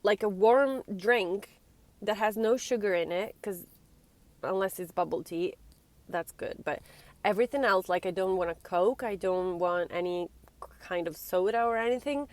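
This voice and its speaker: A woman's voice: medium pitch, normal speed, a little mellow. A young woman from Italy rambling anxiously in a casual vlog, teary-eyed and often breaking off mid-sentence. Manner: rambling, self-interrupting, anxious. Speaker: vlogger.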